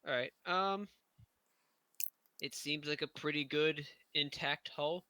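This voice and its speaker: A man as game master of a tabletop game, giving even, matter-of-fact rulings with pauses. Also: a little high, smooth, no echo, poor audio.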